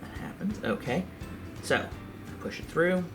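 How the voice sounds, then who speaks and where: A man giving a calm, step-by-step craft tutorial for a library. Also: a little high, unhurried, over music.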